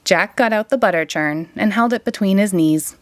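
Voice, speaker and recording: A woman reading a children's picture book aloud in an expressive, sing-song way. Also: mid-range voice, normal speed, no echo. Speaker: storytime reader.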